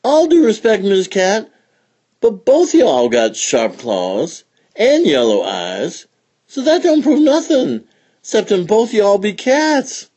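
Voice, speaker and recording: Man playing a sharp little country girl: high, drawling, husky, matter-of-fact. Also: wildly swooping pitch, takes it slowly, heavily acted. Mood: sassy.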